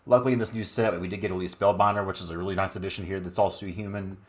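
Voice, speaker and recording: Low-voiced man talking through a card deck. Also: steady tone, racing. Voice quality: laid-back, chatty with frequent fillers. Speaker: channel host, card game player. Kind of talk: casual deck tech and gameplay commentary.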